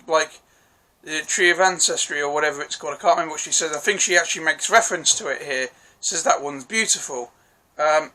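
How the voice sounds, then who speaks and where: A man with a bright, slightly high voice talks through a TV episode he has just watched. He rambles, restarts his sentences and keeps apologizing for getting names wrong. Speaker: TV review vlogger. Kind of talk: casual spoken episode recap.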